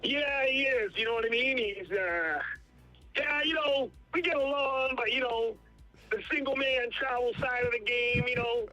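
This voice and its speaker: A man's voice: very high voice, normal speed, pushed and bright, faint music behind. A man from Toronto calling in to a live show, laid-back and repeating the same catchphrases. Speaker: caller. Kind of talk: casual call-in chat. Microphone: phone. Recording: dull phone line.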